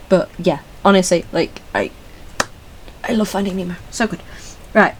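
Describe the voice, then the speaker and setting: A young British woman hosting a casual ranking video, talking in a scattered, swearing, laughing way and now and then breaking into squeaky voice stims. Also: very animated, moderate pace, a little mellow, a little hiss or hum, poor audio. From Britain. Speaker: video host. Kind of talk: casual solo ranking chat.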